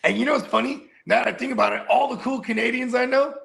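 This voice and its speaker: Gravelly, bright-voiced man, loud and playful. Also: fast. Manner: loud, playful, bursts into high shouts. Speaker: co-host. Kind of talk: casual chat.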